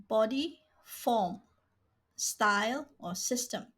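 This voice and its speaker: Slow, careful woman teaching vocabulary. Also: medium pitch, fairly bright tone. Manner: slow, careful, says each word twice. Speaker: language teacher. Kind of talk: slow vocabulary drill, reading words and glosses.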